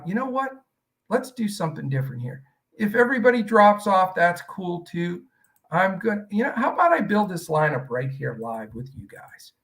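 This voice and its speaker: A man's voice: sits high, fairly bright tone, recorded from a distance, low-quality recording. A man hosting a live stream, talking in a rambling, chatty way with many fillers. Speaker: host.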